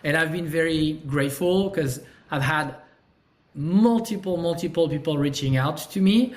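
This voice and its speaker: A man's voice: on the high side, moderate pace. A middle-aged man with a French accent, talking earnestly as a podcast guest, with many fillers and restarts. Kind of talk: casual interview talk.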